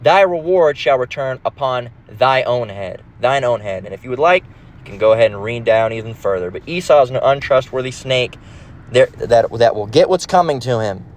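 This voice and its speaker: A man's voice: mid-range voice, fairly quick, a little mellow. A man preaching in a casual, emphatic, profane manner, reading scripture and rambling with restarts, recorded in a car. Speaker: religious teacher.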